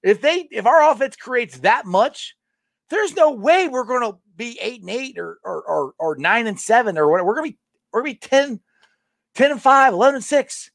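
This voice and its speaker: A man's voice: very high-pitched, moderate pace, gravelly, no echo, clean studio sound. A man hosting a casual sports talk livestream, talking passionately with lots of restarts and reading viewer comments. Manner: passionate, animated, many restarts.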